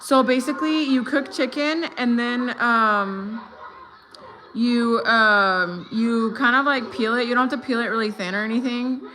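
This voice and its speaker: A woman's voice: fairly high pitch, measured pace. A woman in her thirties with an American accent, chatting casually on a live stream, switching between English and Spanish and greeting viewers. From United States. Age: 30s. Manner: relaxed, hesitant with fillers while crafting. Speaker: livestreaming vlogger.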